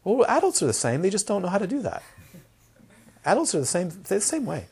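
Husky male Dharma teacher, lively delivery, rhetorical questions to the room. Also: sits high, brisk. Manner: animated, asks rhetorical questions, acts out crying babies. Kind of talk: Dharma talk with audience questions.

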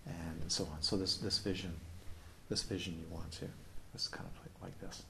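A man's voice: deep voice, fairly even intonation, moderate pace, gravelly, sharp tone, a little hiss or hum. A man giving a playful, questioning dharma talk as a meditation teacher at a retreat. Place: retreat hall.

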